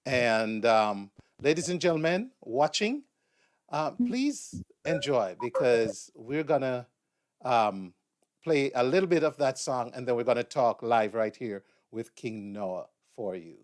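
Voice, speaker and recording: Slow-talking male live show host. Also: medium pitch, animated. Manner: unhurried, with many fillers. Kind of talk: live online show hosting.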